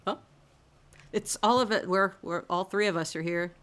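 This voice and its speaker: A woman's voice: mid-range voice, normal speed, a bit bright. A woman playing in a tabletop game, speaking in a practical, reassuring way. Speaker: player. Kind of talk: in-character tabletop roleplay.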